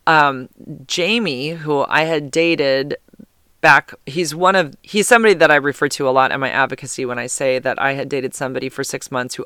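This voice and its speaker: A man tells a story on his home podcast, rambling and chatty and full of fillers. His voice sits a little high and sounds smooth and clean. The close podcast mic makes the sound dry. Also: pushed and bright, no room sound. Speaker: podcast host. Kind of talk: casual storytelling.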